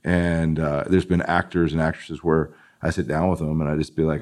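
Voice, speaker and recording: Deep-voiced male podcast host. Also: level tone, normal speed, darkish tone. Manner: encouraging, frequent brief affirmations. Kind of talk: interviewing, casual chat. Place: studio.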